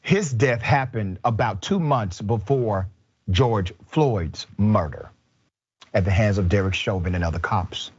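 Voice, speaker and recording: A man hosting a commentary show, his voice low and husky as he lands short, emphatic points. The sound is a bit dull and muffled. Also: a little slow. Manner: emphatic, speaks in short punchy statements. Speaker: host.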